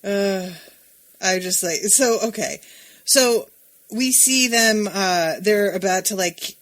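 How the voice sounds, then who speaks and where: A woman's voice: medium pitch, slow, a bit bright. A woman co-hosting a casual podcast, sardonic and exasperated, swearing freely. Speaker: podcast co-host. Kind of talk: casual chat.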